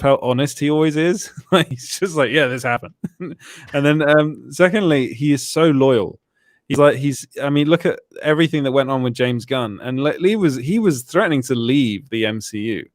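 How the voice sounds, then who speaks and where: A man's voice: mid-range voice, lively intonation, moderate pace, no room sound. British guy hosting a chat show, laughs a lot, dry close sound. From Britain. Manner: laughs often, chatty, self-mocking. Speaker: host. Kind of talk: casual podcast chat.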